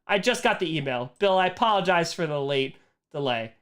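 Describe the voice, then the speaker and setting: Male livestream host, casual chat, animated and ranting, with loud highs and quiet weary lows. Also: brisk, clear, resonant tone. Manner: animated, swings from excited outbursts to quiet, weary muttering; ranting, frustrated. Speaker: livestream host answering viewer questions. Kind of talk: casual live-stream chat.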